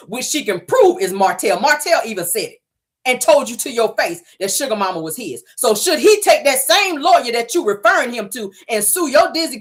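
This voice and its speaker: A woman's voice: fairly high pitch, a bit bright. A woman hosting a gossip vlog, scolding and mocking her target in a sassy voice and repeating her jabs. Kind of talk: sassy reality-TV gossip commentary.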